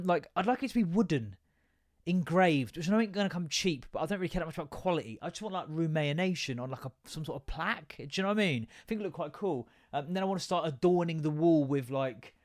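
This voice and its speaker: A man's voice: fairly high pitch, no room sound, studio quality. A tired man, rambling through a self-mocking solo podcast. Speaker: podcast host. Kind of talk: casual solo podcast chat.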